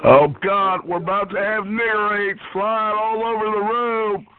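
A man's voice: high-pitched, steady tone, measured pace, soft background music. A man prank calling a show, taunting the hosts and repeating the same lines. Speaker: prank caller. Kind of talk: trolling call-in. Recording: phone-like.

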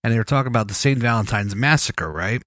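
A man's voice: mid-range voice, animated, fast, a bit bright, no room sound, clean studio sound. A man with a stuffy nose from a cold, hosting a casual podcast chat, rambling and joking as he steers the talk. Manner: rambling, joking, bossy with co-host. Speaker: podcast host.

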